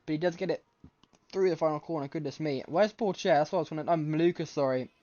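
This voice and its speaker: A man giving live race commentary from home late at night, excitable and often correcting himself mid-sentence, with a scratchy throat. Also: a little high, quick pace. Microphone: desk microphone. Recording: slightly muffled lo-fi mic.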